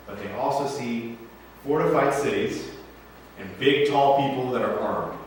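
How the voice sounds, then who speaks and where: A man preaching in a church, relaxed and chatty, with quick jokes and questions thrown to the congregation. His voice sits in a mid range. It rings with long reverb and is picked up from far across the room, with faint room noise underneath. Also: medium pitch. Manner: casual, joking and conversational, asking the congregation questions. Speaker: pastor. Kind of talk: sermon. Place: church sanctuary. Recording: echoey church hall from far off.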